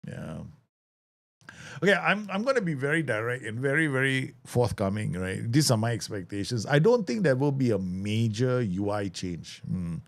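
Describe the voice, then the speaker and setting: Male streamer, lively swinging pitch, chatty with sudden excited bursts. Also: normal speed. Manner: chatty, laughs often, excitable outbursts. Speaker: gaming streamer. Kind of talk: casual live game commentary.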